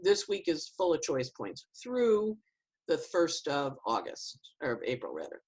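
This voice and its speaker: A woman astrologer, a guest on a podcast, telling stories in a playful, animated way. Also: sits low, a little slow, husky, rough recording. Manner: lively storyteller, playful acted-out analogies. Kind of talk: casual podcast conversation.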